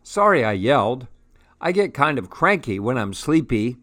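A man voicing a sleepy, cranky cave bat in a storybook, loud and gruff. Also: medium pitch, big pitch swings, moderate pace, dry recording. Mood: grumpy. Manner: grumpy then apologetic.

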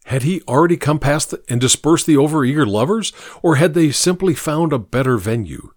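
A man's voice: on the high side, lively intonation, fairly quick, no echo, clean studio sound. A man narrating a story as an audiobook reader, lightly voicing the characters in the dialogue. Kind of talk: scripted narration.

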